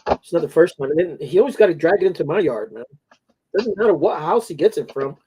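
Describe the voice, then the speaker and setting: A man hosting a casual talk show tells long, rambling stories with plenty of swearing. His voice is a little high, mellow, and husky, with lively intonation and a fast pace, captured on a rough recording.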